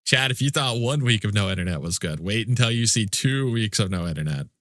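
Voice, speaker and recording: A man's voice: on the low side, animated, brisk, fairly bright tone, no echo, clean studio sound. A man streaming a game live, chatting casually with viewers in mock-indignant, joking complaints and swearing freely. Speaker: livestreamer. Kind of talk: casual livestream chat with viewers.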